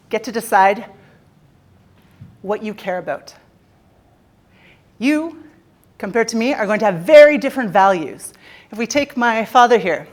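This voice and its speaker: A Canadian woman giving a playful, jokey motivational talk on a conference stage, teasing the audience. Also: mid-range voice. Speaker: keynote speaker.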